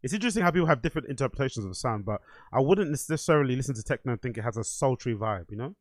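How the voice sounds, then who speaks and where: A man's voice: medium pitch, animated, very fast, no echo. A man hosting a show, giving blunt, casual commentary on clips with some swearing. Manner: blunt, mocking, swears freely. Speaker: host reacting to clips.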